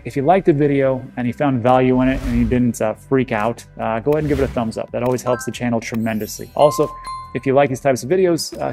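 A man's voice: mid-range voice, creaky, mellow. A man hosting a crypto channel, giving casual to-camera commentary in a conversational, reassuring way with frequent filler words.

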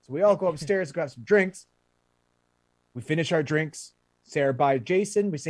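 A man co-hosting a podcast, casually telling a story with plenty of swearing and emphatic, low asides. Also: lively intonation, normal speed, long pauses, no echo. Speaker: podcast co-host. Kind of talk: casual storytelling among friends.

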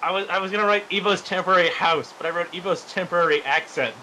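A man chatting casually while playing a game with friends, joking, excitable and tripping over his words. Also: sits high, quick pace, a little hiss or hum, poor audio. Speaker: gamer. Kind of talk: casual group gameplay chat.

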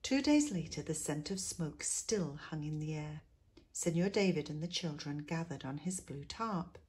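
A woman teacher reading a picture book aloud to schoolchildren, expressive and dropping to a hush in quiet moments. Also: low voice, moderate pace, a little hiss or hum. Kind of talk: storybook read-aloud.

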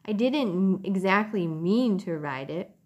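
A woman's voice: mid-range voice, expressive, slow pace, a little mellow. A woman voicing a small earnest young male mouse in a storybook reading, speaking hesitantly and with shame. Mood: ashamed. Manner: hesitant, ashamed confessing.

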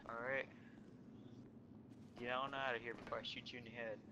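A man playing a threatening mansion guard who speaks low and curt, on a noisy game chat recording. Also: level tone, moderate pace, highs cut off, lightly acted. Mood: menacing. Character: menacing male mansion guard with gun.

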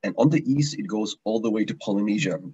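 A lowish, husky male voice, teaching a language class online. He explains patiently, circling back and repeating himself as he goes. The sound is muffled and lo-fi, like a web stream. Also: fast talker, dark tone. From Malaysia. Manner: explanatory, repeats words and restarts often.

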